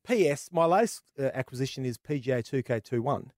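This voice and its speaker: A man's voice: medium pitch, lively intonation, a little fast, a little mellow, dry recording, clean studio sound. An Australian man co-hosting a casual gaming podcast, laughing easily and swearing. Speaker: podcast co-host.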